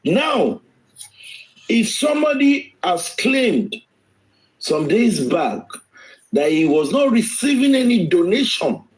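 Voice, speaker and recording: Male guest, forceful and repetitive, high voice with wide swings, unhurried delivery. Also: very animated, low-quality recording. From Nigeria. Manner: emphatic, repeats phrases, rises and drops sharply in pitch. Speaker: guest speaker on a live stream. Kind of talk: impassioned live-stream talk.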